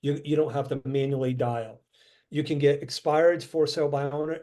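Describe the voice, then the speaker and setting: A middle-aged man, a real estate coach, giving an energetic motivational talk on a video call and acting out phone calls as he tells stories. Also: on the high side, moderate pace.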